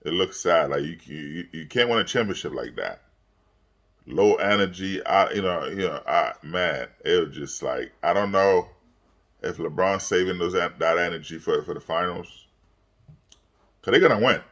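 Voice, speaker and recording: A young man with a low voice that still has a bright, forceful edge, talking through a late-night sports recap. He sounds worn out and keeps stumbling over fillers and repeats as he rambles. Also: expressive, normal speed. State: tired, yawning late at night. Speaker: sports vlogger. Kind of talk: casual sports commentary vlog.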